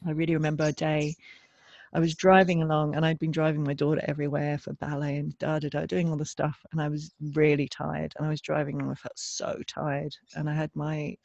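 Soft tender woman podcaster, laughs a lot, dry close sound. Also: low-pitched, level tone, brisk, creaky, no echo, muffled recording. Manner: gentle, tender, laughs often. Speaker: podcast co-host. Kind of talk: reflective parenting podcast chat.

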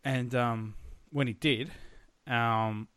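A man's voice: mid-range voice, fairly even intonation, very slow, fairly bright tone, clear, resonant tone, no echo. Profane rambling Australian man. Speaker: podcast host. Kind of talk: casual podcast chat.

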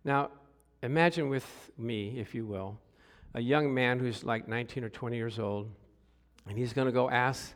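A middle-aged man preaching a sermon, telling stories with hushed asides and sudden loud exclamations, and calling out for responses from the congregation. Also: medium pitch, moderate pace. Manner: animated storytelling, swings from hushed to loud exclamations. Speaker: pastor.

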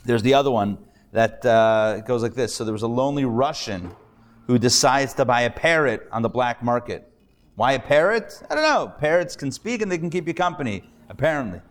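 A man's voice: medium pitch, brisk. A man, a rabbi, teaching a live class, telling jokes and chatting with the audience. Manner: lively, jokey storyteller, chats with the audience.

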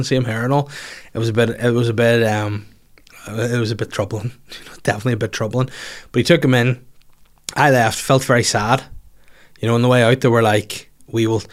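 A man telling a long, rambling story in casual chat, swearing and laughing at himself as he goes. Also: mid-range voice.

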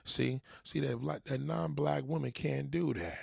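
Gravelly guy cussing out an interview he's watching, heckling nonstop, dry sound. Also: medium pitch, fairly even intonation, unhurried, a little mellow, no room sound. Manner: mocking, heckling, swears heavily. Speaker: reaction commentator. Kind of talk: profane rant over a played interview.

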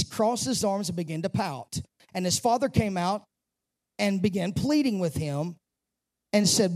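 A man's voice: sits high, darkish tone. A male pastor giving a sermon in a church, pushing his voice up on key phrases and dropping into chatty asides. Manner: preaches with rising emphasis and casual asides. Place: church sanctuary.

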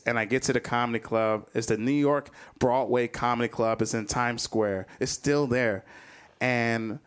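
A man telling a personal story live, animated, chuckling between lines and acting out other people's voices. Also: medium pitch, moderate pace, clean tone. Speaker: storyteller, comedian.

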